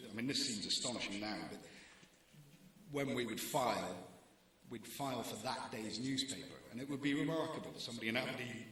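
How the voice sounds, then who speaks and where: A man's voice: lowish voice, fairly bright tone, slight background noise. Wry man in a very echoey hall. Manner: wry, anecdotal, lightly self-mocking. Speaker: newspaper deputy editor. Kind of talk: talk to students.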